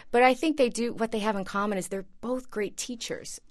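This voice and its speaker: A woman's voice: on the high side, a little fast. A woman speaking as an actress guest in an interview, chatty and rambling, with many hesitations. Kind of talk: casual interview chat.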